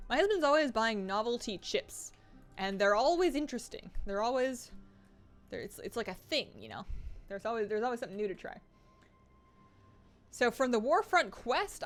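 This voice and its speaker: A woman's voice: medium pitch, a bit bright. A woman hosting a casual live stream from home while gaming, chatty and rambling with frequent laughs, her sentences restarting. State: slightly out of breath.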